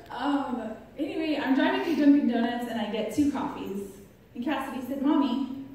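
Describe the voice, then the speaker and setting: A woman's voice: high voice, mellow. Woman speaking in an echoey hall. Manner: chatty, laughs often at her own stories. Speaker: speaker giving a personal faith testimony. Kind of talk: testimony talk to a live audience. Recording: echoey hall from far off, faint noise.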